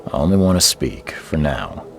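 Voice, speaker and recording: Game private eye: very deep, gravelly, cool and threatening. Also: male voice, very animated, normal speed, a little hiss or hum, full character voice. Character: hard-bitten male private investigator. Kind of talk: video game voice acting.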